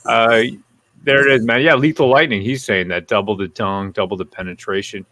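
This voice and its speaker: A man hosting a casual live-stream chat, telling animated, profane stories and reading out viewer comments. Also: on the low side, a little fast, no echo.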